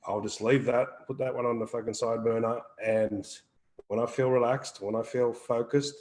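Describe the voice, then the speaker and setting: A man at medium pitch speaks at a moderate pace with fairly even intonation and a slightly mellow sound, though the audio is poor. He co-hosts a live wellbeing Q&A chat, earnest and rambling, repeating himself and cursing casually.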